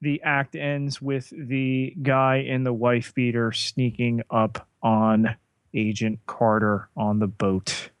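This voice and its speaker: A man co-hosting a podcast, recapping a TV episode in a measured way with frequent fillers. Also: mid-range voice, flat delivery, smooth, dry recording. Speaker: podcast co-host.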